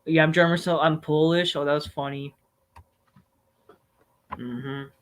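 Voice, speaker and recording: A man hosting a live stream, answering viewer questions in a rambling, profane, animated rant with sudden loud outbursts. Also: on the high side, a little slow.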